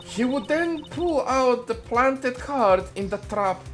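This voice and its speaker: A man voicing a scheming female card dealer in a put-on Russian accent, in a slow, sly, boastful delivery for a fan voice-over of a game. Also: very high voice, lively intonation, a bit bright, soft background music, pitched above the performer's own voice, exaggerated voice.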